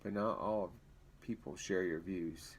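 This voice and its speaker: A strong, steady grown man, read by a man from a storybook, speaking slowly and loudly to calm others. The voice is low and even. He sounds patient and firm. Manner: slow and loud, calming.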